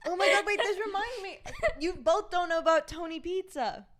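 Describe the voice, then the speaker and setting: This is a young woman with a high, light voice, co-hosting a chatty podcast with friends. She is playful and giggly, and teases the others between bits of gossip. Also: normal speed, a loud crowd. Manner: playful, giggly, reads a listener letter aloud. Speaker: podcast co-host. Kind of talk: casual chat.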